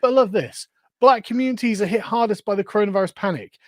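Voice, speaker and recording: Sarcastic high-voiced male commentator. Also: fast, no room sound, studio quality. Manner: sarcastic, rhetorical questions. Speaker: commentator in the reacted-to clip.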